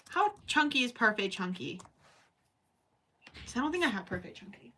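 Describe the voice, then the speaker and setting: A woman's voice: medium pitch, big pitch swings, normal speed, pauses often, sharp tone, husky. A woman hosting a crochet livestream at home, rambling and thinking aloud as she works and chats with viewers. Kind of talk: casual chat while crocheting, reading live chat.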